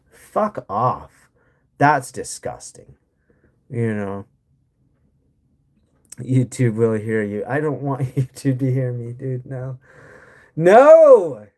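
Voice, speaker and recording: With lively intonation, drawn-out words and frequent pauses, an American livestream host rants casually in a mid-range, darkish voice, swearing plenty and using sarcasm as he reads and replies to chat.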